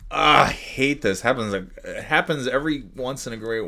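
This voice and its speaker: A man hosts a casual solo podcast, rambling through his thoughts with frequent restarts, swearing, and chuckles dropped often between phrases. His medium-pitched voice is creaky with a sharp tone, moving at normal speed.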